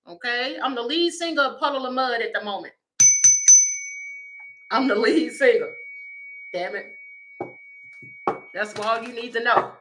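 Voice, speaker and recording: A woman, doing a casual livestream tarot reading and talking straight to her viewers in a chatty, animated way. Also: mid-range voice, moderate pace, pauses often. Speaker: tarot reader.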